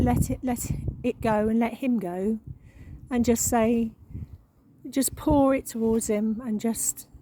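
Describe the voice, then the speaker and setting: A woman giving an emotional spiritual monologue, halting and repeating words, with frequent sighs. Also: on the high side, a little mellow, slight background noise, rough recording. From England. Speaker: spiritual channel.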